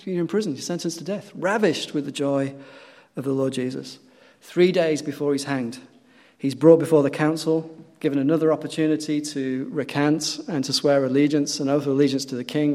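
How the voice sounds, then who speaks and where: A male pastor preaching a sermon, telling stories earnestly and swinging between loud emphatic peaks and quiet low passages. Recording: long hall reverb.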